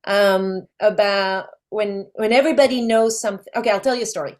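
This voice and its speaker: A woman, a guest chatting in an interview and telling lively stories with frequent laughs. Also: mid-range voice, fairly quick. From France. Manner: animated storyteller, laughs often. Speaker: guest, actress. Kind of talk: casual interview chat.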